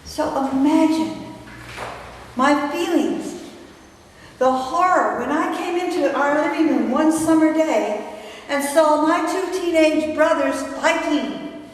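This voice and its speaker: An older woman giving a dramatic personal storytelling speech at a club meeting, recorded from far off in an echoey hall with faint hiss. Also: high voice. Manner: dramatic, measured pauses. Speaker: toastmasters speaker.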